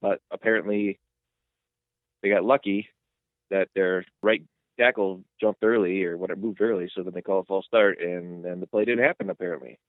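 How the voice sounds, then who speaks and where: A man co-hosting a sports podcast, retelling plays in a rambling, excitable way. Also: low-pitched, normal speed, no room sound. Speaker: podcast co-host. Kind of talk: casual sports chat. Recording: tinny phone-like line, dry.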